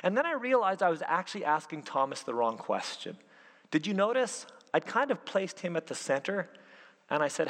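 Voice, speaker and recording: A man preaching as a youth pastor, animated and full of rhetorical questions. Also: on the high side, moderate pace. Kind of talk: sermon. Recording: long hall reverb.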